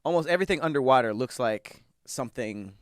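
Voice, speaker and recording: A man's voice: medium pitch, expressive, fast, clean tone, no room sound, studio quality. A man co-hosting a casual podcast, chatting loosely and reading facts aloud between jokes. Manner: laid-back, reads facts aloud between banter. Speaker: podcast co-host. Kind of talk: casual chat.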